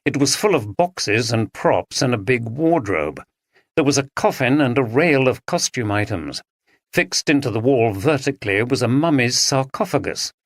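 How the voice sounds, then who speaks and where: A man reading a story aloud as an audiobook narrator, with expressive storytelling. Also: mid-range voice, normal speed, no room sound, clean studio sound. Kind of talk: scripted narration.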